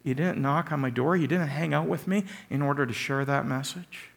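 A man's voice: on the high side, normal speed, vocal fry. A man voicing a hurt neighbor who asks reproachful, pleading questions.

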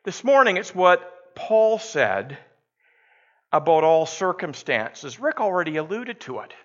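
Pastor guy, high voice, slow easy storytelling, bit muffled recording. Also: sing-song. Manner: storytelling, conversational preaching. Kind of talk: sermon.

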